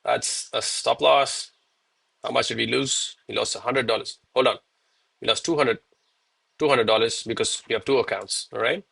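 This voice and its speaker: A man's voice: mid-range voice, brisk, vocal fry, sharp tone, slightly rough. A man in his thirties chatting casually to viewers while streaming, calling them bro and man, a little out of breath from exercising. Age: 30s. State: out of breath between push-ups. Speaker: live trading streamer. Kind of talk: live-stream commentary and chat.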